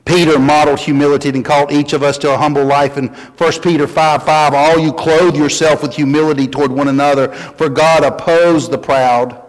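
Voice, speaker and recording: A preacher man delivers a folksy sermon with a fairly high voice that climbs when he presses a point. His words ring out with a long reverb, as if heard across a church hall. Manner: folksy, animated preaching with rising emphasis. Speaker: pastor.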